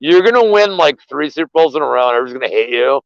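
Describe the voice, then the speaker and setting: Gravelly man ranting in profane sports chat. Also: mid-range voice, very fast, no room sound. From Philadelphia area. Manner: rambling, swears a lot, animated rants. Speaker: co-host of a betting show. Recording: dull, lo-fi, dry sound.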